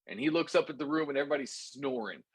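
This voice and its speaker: A man teaching a course, telling a lesson story in an animated, repetitive way and calling his listeners "guys". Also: mid-range voice, fast talker, slightly rough, dry recording. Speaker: course instructor.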